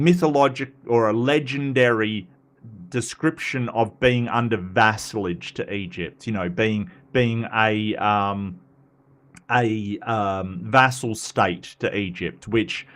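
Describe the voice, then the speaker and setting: A man's voice: mid-range voice, a bit bright. A man hosting a live talk stream, chatting casually and answering viewer comments with lots of fillers and restarts. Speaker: livestream host. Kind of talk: live commentary reading chat.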